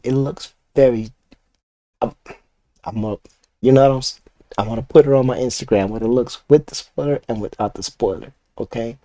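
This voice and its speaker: A man's voice: mid-range voice, normal speed, dark tone, no room sound. An older man of Puerto Rican roots, a comic artist ranting casually and profanely to his chat while he inks. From Puerto Rico. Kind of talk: casual rant while inking art.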